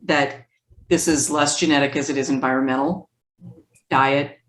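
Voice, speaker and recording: A woman with a notably low voice tells her story with energy and acts out the lines of others. The conversation echoes in a roomy space. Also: normal speed. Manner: lively storytelling, acts out quoted speech. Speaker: guest therapist. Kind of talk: conversational interview.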